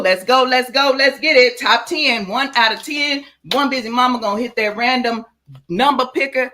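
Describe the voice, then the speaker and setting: A woman's voice: high-pitched, normal speed, sharp tone. A woman hosting a livestream giveaway, reading out supporters' names in a hyped, sing-song way. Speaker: channel host. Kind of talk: livestream giveaway shout-outs.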